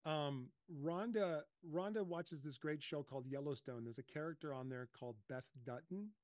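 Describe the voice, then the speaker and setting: Animated middle-aged man telling stories. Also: fairly high pitch, normal speed, no room sound. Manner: animated storyteller, acts out his own panicked voice. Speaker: host. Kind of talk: casual group coaching talk.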